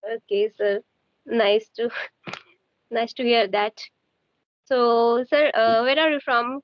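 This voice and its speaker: In a muffled recording without echo, a homemaker from Maharashtra, India, practices casual conversation as a learner. Her slightly high voice holds a steady tone, while her delivery is hesitant and halting, packed with fillers.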